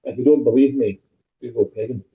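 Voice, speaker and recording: A man's voice: medium pitch, brisk, husky. A Scottish man doing a stand-up set over a video call, with crude, self-deprecating punchlines. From Scotland. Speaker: stand-up comedian. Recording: tinny phone-like call audio.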